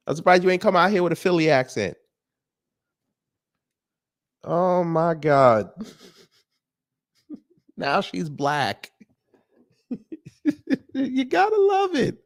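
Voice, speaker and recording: High-voiced man mocking a clip. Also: very animated, slow pace, long pauses. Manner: sarcastic, mocking, talks back at the clip. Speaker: reaction commentator. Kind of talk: casual reaction commentary.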